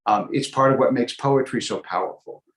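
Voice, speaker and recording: A man's voice: mid-range voice, moderate pace. Rabbi guy chatting through a torah class, dry jokes, lots of ums, echoey room. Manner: thoughtful, digressive, with frequent ums and wry humor. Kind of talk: conversational teaching. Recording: roomy echo.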